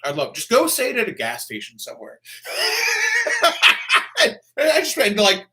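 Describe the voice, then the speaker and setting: A man's voice: very high voice, wildly swooping pitch, a little slow, pushed and bright. A man with a Southern American accent, hosting a casual chat, reading viewer comments and joking with lots of profanity. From Florida.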